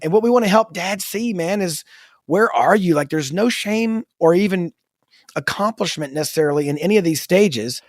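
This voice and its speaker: A man co-hosting a podcast in a casual, storytelling manner. His voice sits a bit high for a man and he tells stories with animation. The sound is dry and close, with no room around it. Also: animated, normal speed, dry recording. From United States. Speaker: podcast co-host. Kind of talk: casual faith-based podcast chat.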